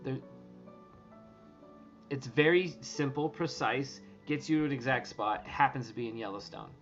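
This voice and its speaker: A man talking casually to his viewers, rambling and excitable, swearing and restarting his sentences often. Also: medium pitch, moderate pace, dull audio, soft background music. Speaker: treasure hunt vlogger.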